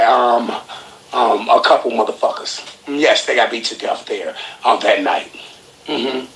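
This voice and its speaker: Gravelly excitable man in echoey room. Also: medium pitch. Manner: excitable, profane, acts out quotes. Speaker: podcast host. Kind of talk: animated storytelling commentary. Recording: roomy echoey room, faint noise.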